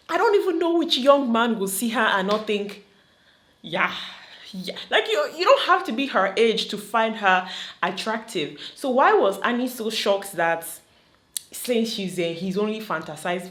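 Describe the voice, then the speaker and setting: A woman with a Nigerian accent giving animated, opinionated commentary on a reality show, slipping into Pidgin. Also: on the high side, normal speed. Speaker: vlogger reacting to a reality show. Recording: roomy echo.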